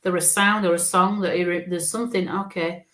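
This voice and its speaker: Lady doing a psychic reading, gentle and reassuring, keeps saying okay?. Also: fairly low pitch, fairly even intonation, a little fast. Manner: gentle, reassuring, often ends phrases with "okay?". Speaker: psychic medium.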